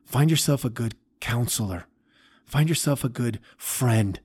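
A man hosting a podcast, telling a story in an earnest, halting way with restarts. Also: mid-range voice, a little mellow, husky, no echo. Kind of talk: storytelling talk.

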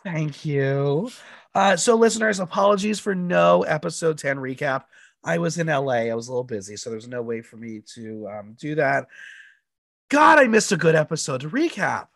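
A man hosting a podcast, hoarse from allergies, chatting in a casual and animated way. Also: on the high side, moderate pace, dry recording. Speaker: podcast host.

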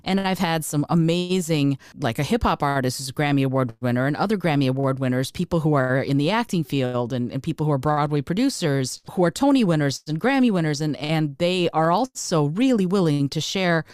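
Earnest woman near tears, low voice. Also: lively intonation, brisk, hardly any pauses, darkish tone, clean tone, no echo, clean studio sound. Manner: restarts and repeats words. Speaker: podcast host and coach, guest. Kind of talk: casual interview talk.

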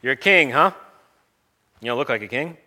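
A man's voice: medium pitch, lively intonation, normal speed, sharp tone, long reverb tail, voice pushed up. A man voicing a weary, blunt middle-aged Roman governor who talks in an impatient, sarcastic, streetwise way. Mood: dismissive.

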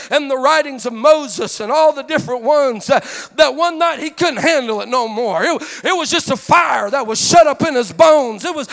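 A man preaching a fervent sermon, breaking into shouts and a sing-song cadence, with many "uh" fillers. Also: extremely high pitch, creaky. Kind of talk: impassioned sermon.

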